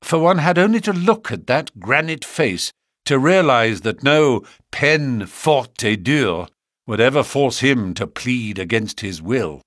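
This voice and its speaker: Man narrating a story with lively pitch. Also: measured pace, dry recording, studio quality. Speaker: audiobook narrator. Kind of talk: scripted narration.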